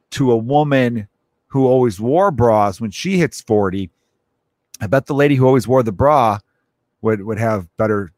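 A man's voice: medium pitch, no room sound, studio quality. A man in his thirties, a comedian hosting his own show, rambling profanely through a casual comic monologue and acting out little scenes. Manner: rambling, profane, acts out quoted voices. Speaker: comedian podcast host.

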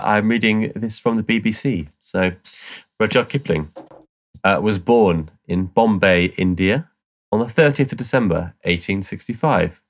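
Man, fairly low voice, relaxed co-host reading notes aloud. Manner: easygoing, explains and laughs along. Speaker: podcast co-host. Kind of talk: casual chat, reading background notes.

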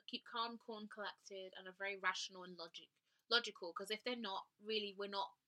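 A young woman co-hosting a podcast, talking casually and relaxed, filling her speech with many likes and small restarts. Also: medium pitch, brisk. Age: young adult. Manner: relaxed, filler-heavy talk with many likes. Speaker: podcast co-host. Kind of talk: casual chat.

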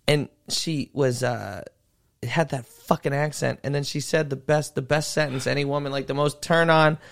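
A man's voice: fairly high pitch, steady tone, moderate pace, creaky. A man who is a comedian, telling rambling stories in a casual podcast chat. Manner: rambling storyteller, drops into impressions. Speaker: comedian guest.

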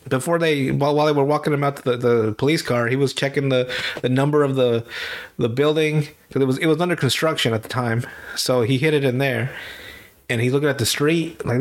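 A man's voice: mid-range voice, fairly quick. Stuffy-nosed man chatting about movies. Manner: rambling, self-correcting, swears and laughs. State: stuffy nose. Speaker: podcast co-host. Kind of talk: casual movie chat.

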